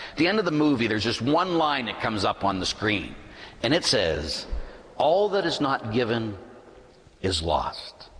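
A man preaching as the pastor of a church, talking casually and acting out the voices of people in his stories. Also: mid-range voice. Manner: animated preaching, acts out quoted voices. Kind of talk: sermon. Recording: long reverb of a church hall.

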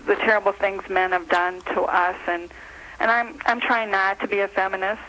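A woman's voice: medium pitch, flat delivery, moderate pace, bright, forceful tone, low-quality recording. A woman from Minnesota calling in by phone, gushing and rambling, hesitating with many ums as she asks her question. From Minnesota, USA. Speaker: caller. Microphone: telephone line.

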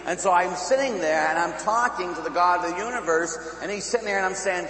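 Animated priest preaching in an echoey hall. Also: male voice, sits high, fast, hardly any pauses. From Pittsburgh, USA. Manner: animated storyteller who laughs and asks the crowd "huh?". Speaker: Catholic priest. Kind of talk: storytelling sermon. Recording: echoey hall with faint hum.

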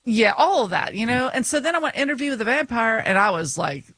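A woman's voice: on the high side, big pitch swings, fast talker, fairly bright tone, no echo. A woman co-hosting a podcast, chatting casually and telling stories with frequent laughs. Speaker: podcast co-host. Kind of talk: casual chat.

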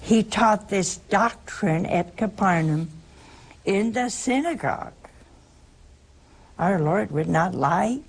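Slow, gravelly older woman preaching. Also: medium pitch, expressive. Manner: slow, emphatic, repeats key phrases. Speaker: religious radio host answering callers. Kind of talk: preaching call-in radio answer.

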